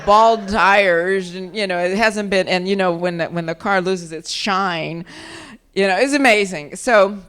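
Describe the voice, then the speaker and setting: A woman speaking in a relaxed interview, her voice sitting at an ordinary middle pitch. She tells her stories with animation, laughing often and circling back to restart her sentences. The talk is casual and warm in pace, recorded at a live event. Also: unhurried, clean tone. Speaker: actress and author being interviewed.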